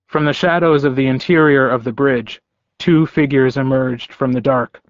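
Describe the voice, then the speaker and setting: A man narrating a story in first person with a measured, calm delivery. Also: mid-range voice, dry recording, dull audio. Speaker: audiobook narrator.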